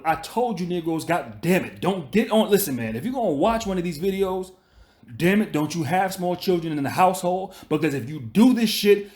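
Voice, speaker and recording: A man's voice: on the high side, a little mellow. A man hosting a commentary channel, delivering a profane, scolding rant that circles back on itself and repeats his points. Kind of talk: ranting commentary monologue.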